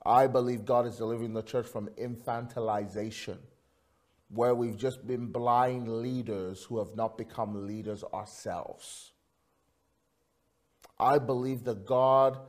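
A man preaching a sermon, swinging from quiet storytelling to loud, fervent peaks. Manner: preaching with big swings in pitch and loudness, rising to fervent peaks. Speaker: pastor.

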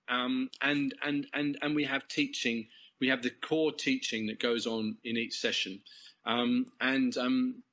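A man's voice: medium pitch, bright, forceful tone. An English man talking as a guest, telling a faith story in a rambling, casual way, full of false starts and small laughs. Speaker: guest, Christian course leader. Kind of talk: casual testimony in conversation.

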